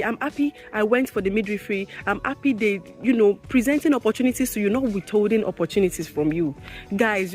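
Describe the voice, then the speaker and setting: A young woman speaks candidly to camera about her work as a midwife. Her voice sits at a middle pitch and she presses her points by repeating them. Faint music plays behind her. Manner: emphatic, repeats phrases, rises in pitch when indignant. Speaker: midwife vlogger. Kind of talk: candid talking-to-camera vlog.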